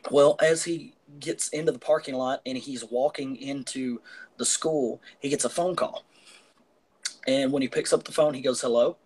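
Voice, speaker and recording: A man's voice: medium pitch, fairly even intonation, normal speed, a little mellow, husky, low-quality recording. A man co-hosting a casual film podcast, retelling a plot at length with many fillers and restarts. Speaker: podcast co-host.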